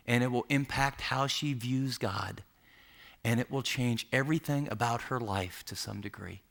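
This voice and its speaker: Bright-voiced male preacher telling a story. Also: medium pitch, gravelly. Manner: vivid, painting scenes for listeners. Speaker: pastor. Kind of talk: sermon storytelling.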